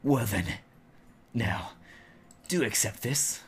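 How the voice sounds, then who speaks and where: A man's voice: medium pitch, animated, takes it slowly, husky, heavily acted. A man voicing a grateful, flustered middle-aged man who insists on paying a reward. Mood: insistent.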